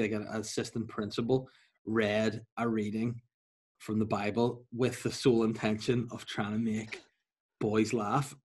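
Husky man chatting. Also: on the low side. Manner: chatty anecdotes, frequent agreeing murmurs. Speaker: podcast co-host. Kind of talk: casual chat.

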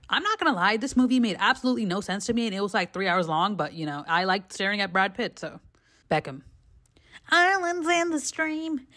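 Brief: young female vlogger, animated and candid, big pitch swings, casual movie chat. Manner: animated, profane, gushing. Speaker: film reviewer vlogger. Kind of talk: casual film review vlog.

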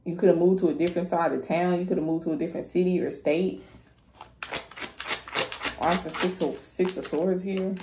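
A woman's voice: fairly low pitch, fairly even intonation, fairly quick, pauses often, roomy sound, background noise. A woman giving a casual tarot reading, blunt and profane, talking straight to her viewers. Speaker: tarot reader.

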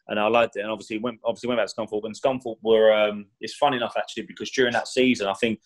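Ex-footballer guy on a podcast, talks quick and loose, keeps saying "know what i mean". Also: fairly low pitch, little pitch movement, low-quality recording. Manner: rambling, chatty, fond of "do you know what I mean"; acts out quoted speech with raised voice. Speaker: former professional footballer, podcast guest. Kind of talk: casual storytelling interview.

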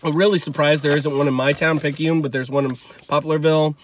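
A man chatting casually over a meal, rambling in a relaxed way with lots of fillers. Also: a little high, a little fast, a little hiss or hum. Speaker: local guide and co-host.

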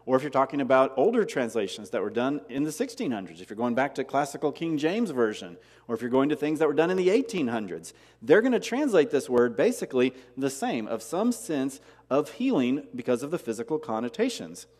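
A man's voice: mid-range voice, very animated, fairly quick, few pauses, darkish tone, in a large hall. A man preaching a sermon as pastor, asking rhetorical questions and repeating key words for emphasis. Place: church sanctuary.

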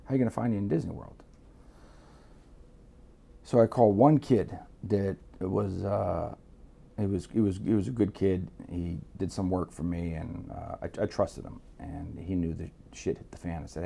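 A man's voice: low voice, normal speed, creaky, a little hiss or hum. A middle-aged man from Miami telling a story as an interview guest, profane and streetwise, acting out the voices in it. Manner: profane, streetwise, animated re-enactments. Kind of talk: casual storytelling.

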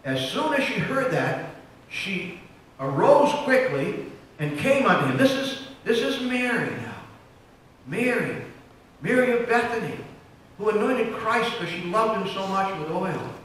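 A male pastor preaching with impassioned swings between loud and hushed, with frequent restarts, recorded from a distance in an echoey church. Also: sits high, very animated, unhurried, a little hiss or hum. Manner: frequent restarts and repeated words. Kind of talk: sermon. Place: church sanctuary.

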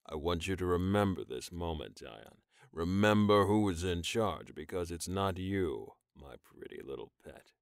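A man voicing a huge, commanding male alien who speaks slowly and low, keeping firm control, in an audiobook. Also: lively intonation, gravelly, smooth, no room sound, clean studio sound, heavily acted. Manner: slow, low, firmly in control. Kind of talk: audiobook character voice.

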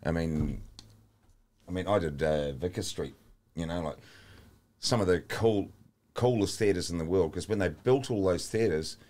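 A man with a New Zealand accent, a guest singer in casual chat, who chimes in with quick agreement and his own side of the story. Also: deep voice, a little mellow.

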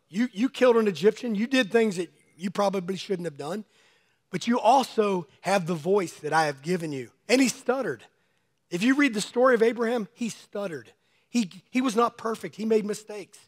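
High-voiced male pastor preaching, a bit hoarse. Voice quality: slightly hoarse. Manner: conversational preaching, speaking to congregants by name. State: losing his voice. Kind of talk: sermon. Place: church sanctuary.

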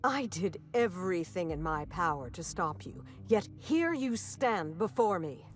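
A woman's voice: fairly low pitch, very animated, a little slow. An actress playing a bitter, unyielding woman villain in a video game, speaking in a cold, clipped, contemptuous way. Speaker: game character.

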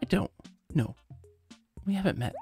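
A woman's voice: on the low side, animated, normal speed, gravelly, warm tone, faint music behind, pitched above the performer's own voice. A woman voicing a sweet, motherly female bear villager in a video game, in a friendly and doting way.

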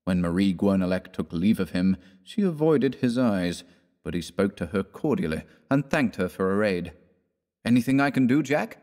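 A man narrating a classic story in a measured, theatrical reading, giving the characters their own voices. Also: deep voice, expressive, dark tone. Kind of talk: scripted audiobook narration.

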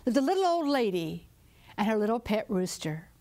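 A woman storyteller and author telling a folktale in a rhythmic, drawn-out way, dropping into dramatic whispers. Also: mid-range voice, sing-song, darkish tone.

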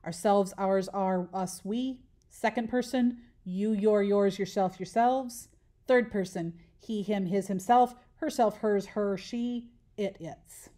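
Woman teacher, recorded lesson, patient step-by-step explaining, asks and answers her own questions, mid-pitched voice. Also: slow pace, warm tone.

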